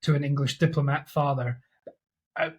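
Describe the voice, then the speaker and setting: A man's voice: on the high side, steady tone, moderate pace, slight background noise. A man co-hosting a casual movie podcast over an online call, reading film facts aloud in a rambling, chatty way. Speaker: podcast co-host. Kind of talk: casual chat.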